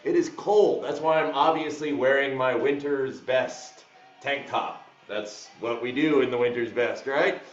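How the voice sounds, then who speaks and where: A man hosting a live workout class from a back house, hyped and shouting greetings like a hype man. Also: medium pitch, a little slow, soft background music. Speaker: fitness instructor. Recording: echoey room, dull lo-fi sound.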